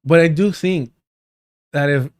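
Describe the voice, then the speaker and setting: A man's voice: fairly high pitch, measured pace, no room sound, studio quality. A man hosting a livestream, reading an article aloud and breaking off into profane, joking asides. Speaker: livestream host.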